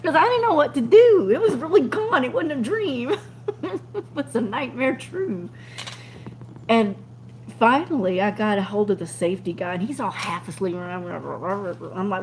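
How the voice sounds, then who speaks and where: A woman's voice: mid-range voice, a little slow, pauses often, slight background noise. A middle-aged woman, telling a story in casual chat and laughing often as she acts out what people said. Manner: animated, laughing often, acting out quotes. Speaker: truck driver and show host. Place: truck cab.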